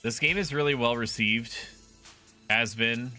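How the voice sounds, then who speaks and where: A man's voice: mid-range voice, a little slow, sharp tone, faint music behind. A man casually commenting on a game stream, swearing freely and reading game text aloud in a jokey way.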